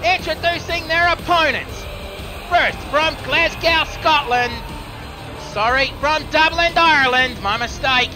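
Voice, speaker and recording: A man's voice: extremely high pitch, a little slow, pitched above the performer's own voice. A man with an Australian accent playing a wrestling ring announcer, stretching out names in bellowing introductions over game music. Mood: grandiose.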